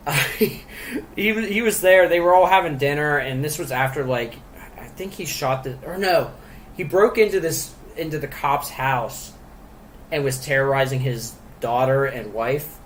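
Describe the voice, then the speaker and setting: Rambling man with a slightly high voice. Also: normal speed, slight background noise, low-quality recording. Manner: rambling, laughs often, many fillers and restarts. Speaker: podcast co-host reviewing a movie. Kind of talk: casual chat.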